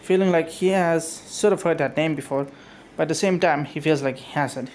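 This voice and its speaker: A man's voice: fairly high pitch, normal speed, a little mellow, a little hiss or hum, low-quality recording. A man casually reading aloud his own fan-made story, rambling with frequent restarts and self-corrections. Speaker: fan fiction narrator. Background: music.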